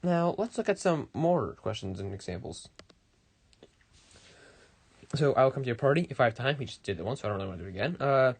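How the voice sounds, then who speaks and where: A man's voice: mid-range voice, very animated, fast, pauses often, husky. A teenage boy presenting a school project as a casual lesson, rambling and informal, with wry jokes and frequent self-corrections. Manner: wry, joking asides.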